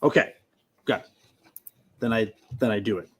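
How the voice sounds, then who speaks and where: A man talking casually as a tabletop game player, eager and quick to cheer the others' ideas. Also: lowish voice, a bit bright, breathy edge. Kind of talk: casual chat.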